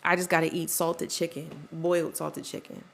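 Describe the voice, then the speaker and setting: Gravelly-voiced woman musing on a podcast. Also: sits low, little pitch movement, moderate pace. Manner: rambling, full of "like" and "you know", acts out quoted voices. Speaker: podcast host. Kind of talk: casual personal monologue.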